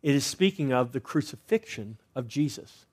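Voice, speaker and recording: A pastor preaching a sermon, swinging between loud emphasis and hushed asides and asking rhetorical questions. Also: male voice, mid-range voice, lively intonation, moderate pace. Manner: asks the congregation rhetorical questions.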